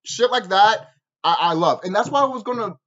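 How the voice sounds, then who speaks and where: A man's voice: high-pitched, a little fast, highs cut off. A man giving a casual, rambling video review, talking with heavy swearing and frequent laughter. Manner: animated, profane, laughs often.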